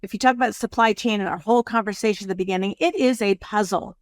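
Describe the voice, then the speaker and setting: A woman in her sixties, a produce company executive, talking through her career in an unhurried, storytelling way as an interview guest. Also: mid-range voice, dry recording, clean studio sound. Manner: measured, storytelling. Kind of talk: casual interview conversation.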